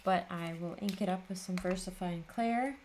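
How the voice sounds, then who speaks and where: A woman's voice: fairly low pitch, moderate pace, a little mellow, a little hiss or hum. A woman hosting a papercraft video, chatting casually and tiredly as she works, often laughing at herself. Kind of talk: casual chat while crafting.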